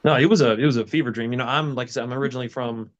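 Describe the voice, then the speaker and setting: Twenties guest, easygoing Southern-Midwestern mix, slightly muffled audio. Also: male voice, medium pitch, rapid-fire. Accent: mixed Southern and Midwestern. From Indiana, raised on the Gulf Coast. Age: 20s. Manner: easygoing, self-deprecating, hesitant fillers. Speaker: guest, band member. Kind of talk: casual chat.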